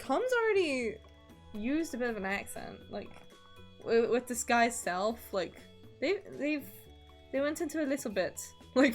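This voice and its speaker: Woman, streamer, casual chat, rambling, frequent laughs, faint music behind. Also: medium pitch. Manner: rambling, laughs often, lots of ums. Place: lives in Scotland.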